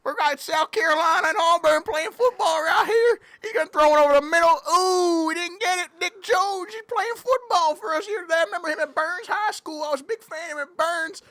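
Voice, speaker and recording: A woman's voice: extremely high pitch, brisk, few pauses, fairly bright tone. A woman doing a hyper cattle-rancher superfan. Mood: excited rambling. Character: excitable Southern cattle-rancher Clemson superfan. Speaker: guest commentator. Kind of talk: comedic sports commentary.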